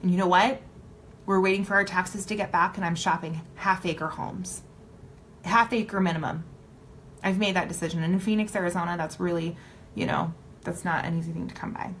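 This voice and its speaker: A woman motivational speaker gives a live-streamed talk in a lowish, slightly bright voice, speaking fairly quickly with fairly even intonation. She's emphatic and blunt, swears casually and repeats points for emphasis. The audio is poor, with slight background noise.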